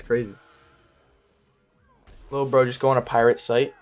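A man's voice: mid-range voice, level tone, normal speed, long pauses, no echo. A young man streaming a game live, chatting casually and rambling, calling everyone "bro". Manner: rambling, slangy, says "bro" constantly, laughs often. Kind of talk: casual live gameplay chat.

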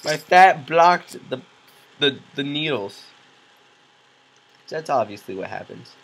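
Man, gaming commentary, goofy and excitable, swooping lively pitch, drawn-out slow delivery. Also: vocal fry, background noise. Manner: excitable, yelling goofy reactions; jokey and self-mocking. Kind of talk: let's play commentary.

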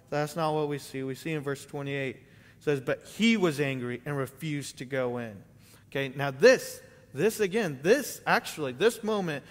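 Casual male preacher, slightly high voice, church hall reverb. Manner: conversational preaching, many "right?" and "like" asides. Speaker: pastor. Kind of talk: sermon. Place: church sanctuary.

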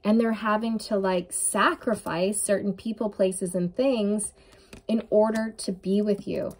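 An earnest woman in the middle of a tarot reading, her voice at a middle pitch for a woman. She speaks straight to the viewer, intuitive and heartfelt, as if passing on messages she senses. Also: steady tone, measured pace. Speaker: tarot reader.

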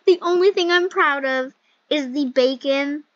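Speaking slowly in a high voice with no room sound, a woman hosts a gaming channel and giggles through casual gameplay commentary. She fills her talk with "like," and the recording comes across as dull, dry, and lo-fi.

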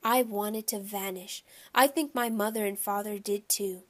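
A woman narrating a children's audiobook in a lively, expressive way. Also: mid-range voice, unhurried.

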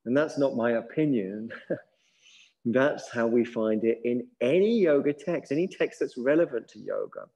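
A middle-aged man with a relaxed, musing manner, leading a yoga class and drawing out words slowly. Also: mid-range voice, rough recording. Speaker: yoga teacher. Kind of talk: guided yoga class instruction.

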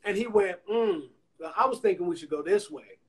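Over an Instagram Live phone call, a man from Anniston, Alabama, with a high voice talks at normal speed. He's a songwriter and producer telling stories in a casual interview, acting out the voices of people he quotes.

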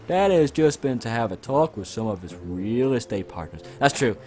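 A man's voice: mid-range voice, lively intonation, normal speed, soft background music. Chatty man narrating a game. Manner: chatty, reads game dialogue aloud with playful exclamations. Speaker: let's play host. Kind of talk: casual gameplay commentary.

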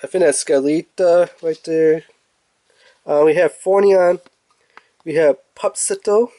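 A man's voice: fairly high pitch, slow, warm tone, no echo. A young man casually reviewing toys, rambling and chatty and laughing at his own jokes. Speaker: toy reviewer.

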